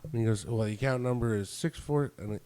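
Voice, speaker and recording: A man's voice: mid-range voice, brisk, warm tone. A man on a podcast, telling a story in casual chat, acting out both sides of phone calls and swearing freely. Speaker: podcast co-host.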